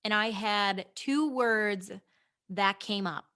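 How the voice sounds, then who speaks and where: A woman's voice: mid-range voice, takes it slowly, bright, forceful tone. A young adult woman hosting a podcast, talking casually and frankly, swearing now and then and addressing her listeners directly. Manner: chatty, swearing, many restarts and asides to listeners. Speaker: podcast host. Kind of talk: casual chat about goals and meditation.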